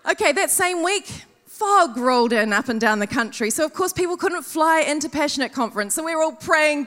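A woman's voice: sits high, normal speed, big-room sound. A woman giving a sermon at a conference, telling funny everyday stories and acting out what people said. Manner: animated, self-mocking storytelling with acted-out quotes. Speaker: conference speaker. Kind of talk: storytelling sermon.

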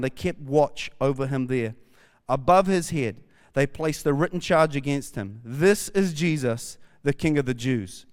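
Fervent high-voiced New Zealand pastor preaching. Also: male voice, clear, resonant tone. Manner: preaching with rising fervor, reads scripture aloud. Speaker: campus pastor. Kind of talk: sermon. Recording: long hall reverb.

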